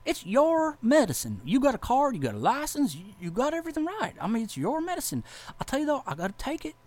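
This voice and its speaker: Man putting on an apologetic high-voiced police boss. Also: wildly swooping pitch, fast talker, a little mellow, full character voice. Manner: soothing, overly polite. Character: apologetic, accommodating male police supervisor.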